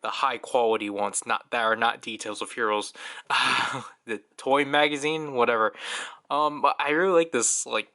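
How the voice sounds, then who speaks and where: A man's voice: mid-range voice, moderate pace, pushed and bright. A young man giving a casual, chatty toy review, full of fillers and small laughs.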